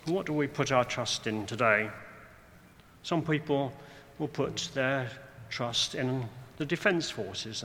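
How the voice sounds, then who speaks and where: A man preaching a sermon, measured and deliberate, slowing down for emphasis, with dry, wry asides. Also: mid-range voice, sharp tone. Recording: long hall reverb, faint room noise.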